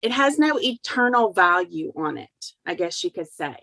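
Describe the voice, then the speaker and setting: A woman's voice: lowish voice, big pitch swings, normal speed, creaky, a bit bright, no room sound, low-quality recording. A middle-aged woman telling a personal family story as an interview guest, earnest and heartfelt.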